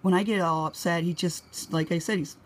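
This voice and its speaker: A woman's voice: fairly even intonation, brisk. A middle-aged woman from New England telling rambling personal stories in a casual way, laughing often. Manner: chatty, laughs often, acts out quoted lines in a higher voice. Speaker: vlogger. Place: home.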